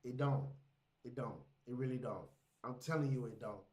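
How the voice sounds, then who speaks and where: A man's voice: mid-range voice, normal speed, a little mellow. A man livestreaming casual reaction commentary, loose and slangy, laughing often. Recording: roomy echo.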